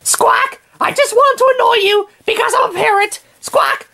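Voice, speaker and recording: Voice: extremely high pitch, normal speed, creaky, sharp tone, pitched above the performer's own voice, exaggerated voice. A performer voicing an annoying male parrot who squawks shrilly in an amateur toy drama. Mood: shrill.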